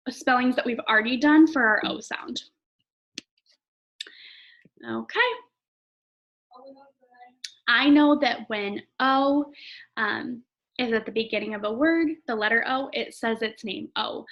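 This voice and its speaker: Woman, elementary teacher, slightly high voice, chatty classroom manner, stretches out words for kids. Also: fairly bright tone, muffled recording. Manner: friendly, chatty teacher talk with drawn-out example words. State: throat tickle, clears throat often. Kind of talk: recorded phonics lesson for young children.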